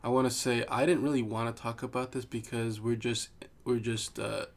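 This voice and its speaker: A man's voice: medium pitch, flat delivery, moderate pace. A man co-hosting a podcast in casual chat, rambling with frequent restarts. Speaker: podcast co-host.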